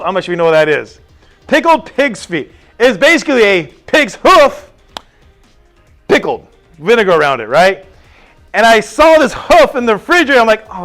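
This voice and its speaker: Animated high-voiced male teacher. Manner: animated, storytelling with quick questions to students. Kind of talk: classroom lecture. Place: classroom.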